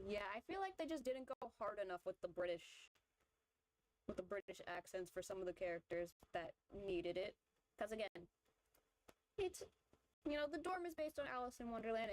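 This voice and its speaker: A woman streamer talks casually while she draws. She rambles and circles back, full of fillers and restarts. Her voice sits at an ordinary middle pitch. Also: low-quality recording. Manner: rambling, filler-heavy opinion talk. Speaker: vtuber streamer. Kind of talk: casual chat while drawing.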